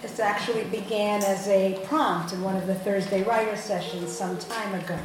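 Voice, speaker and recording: A woman from Boston reading her own personal story aloud, storytelling with lively voiced quotes. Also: medium pitch, moderate pace. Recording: roomy, distant mic, faint hum.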